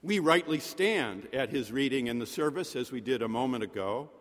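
A man preaching a sermon in a rhetorical manner, with dramatic pauses and soft drops in his voice. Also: mid-range voice, animated. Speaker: pastor. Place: chapel. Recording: long reverb of a chapel.

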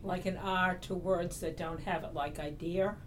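Guest: woman with a Boston accent, slightly low voice, animated anecdotes with acted-out quotes, faint background noise. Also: normal speed. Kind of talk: conversational storytelling.

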